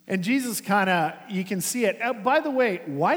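A man with a high voice preaches a sermon, talking to his congregation in a lively, conversational way. He slows and quiets down to press key points home. His voice rings with the long reverb of a church sanctuary. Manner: animated preaching with a conversational tone, dropping soft and slow for emphasis. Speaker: pastor.

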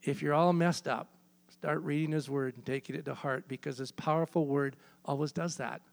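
High-voiced preacher in a reverberant hall. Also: male voice, steady tone, normal speed, gravelly. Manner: emphatic, repeats key phrases. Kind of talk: sermon.

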